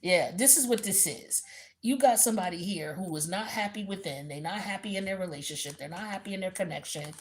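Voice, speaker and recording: A woman giving a blunt, animated tarot reading in a casual, profane, slangy way. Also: fairly low pitch, a little fast. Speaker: tarot reader.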